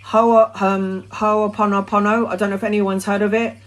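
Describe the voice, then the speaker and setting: A woman hosting a casual spiritual live stream, talking freely with plenty of ums and chanting mantras in a soft voice that trails off. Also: mid-range voice, flat delivery, normal speed. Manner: talkative, with frequent um and uh. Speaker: spiritual live-stream host answering questions.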